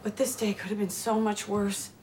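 A woman's voice: medium pitch, level tone, normal speed, background noise, lightly acted. A woman playing a patient, soothing girlfriend. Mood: reassuring. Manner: gentle, reassuring, then firm.

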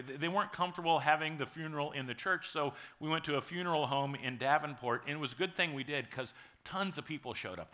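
A male pastor in his forties delivers a sermon as a story, talking to the congregation like a friend and leaning into dramatic pauses. His voice is bright and sits slightly high.

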